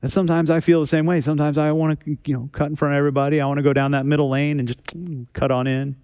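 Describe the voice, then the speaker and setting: Male pastor, conversational sermon delivery, self-deprecating humor, slightly high, resonant voice. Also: flat delivery, racing, darkish tone, clear, resonant tone. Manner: repeats phrases for emphasis. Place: church sanctuary.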